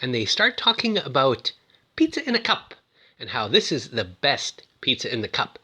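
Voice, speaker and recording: A man casually retelling a film's story with toys, chatty and full of fillers, shouting out the characters' lines as he goes. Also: mid-range voice, very animated, moderate pace, breathy edge. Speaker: toy reviewer retelling a film.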